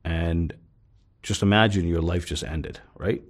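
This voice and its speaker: Male interview guest, raspy low voice; intense storyteller who voices the other people in his tale. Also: a little slow. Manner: retells scenes with quoted dialogue, swears freely; intense, emphatic when upset.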